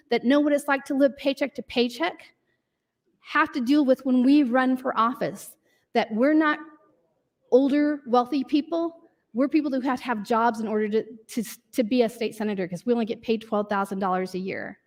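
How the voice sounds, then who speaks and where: A woman's voice: high voice, moderate pace, darkish tone. A woman state senator making an earnest, insistent speech in legislative floor debate. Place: legislative chamber.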